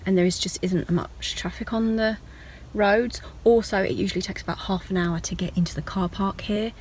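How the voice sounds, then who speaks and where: A woman's voice: mid-range voice, fairly even intonation, normal speed, darkish tone, slight background noise, rough recording. Chatty woman vlogging. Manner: chatty and rambling, with self-mocking asides. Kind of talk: casual vlog diary.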